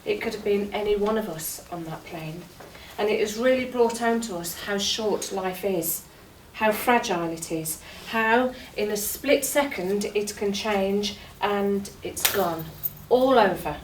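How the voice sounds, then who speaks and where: A woman's voice: mid-range voice, measured pace, hardly any pauses, natural voice. A woman writer reading the part of a shaken journalist in an earnest, reflective stage monologue. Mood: sombre. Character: shaken newspaper journalist after an air crash. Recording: roomy, distant mic, faint noise.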